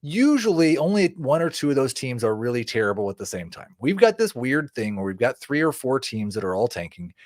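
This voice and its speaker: Blunt man with a lively voice. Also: medium pitch, fairly quick, hardly any pauses, no room sound, clean studio sound. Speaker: fantasy analyst. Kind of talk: casual panel chat.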